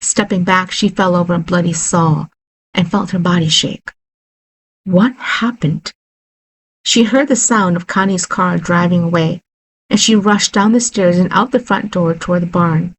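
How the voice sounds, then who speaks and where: A woman narrating a horror story in a steady, unhurried reading voice. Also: lowish voice, slightly rough, poor audio.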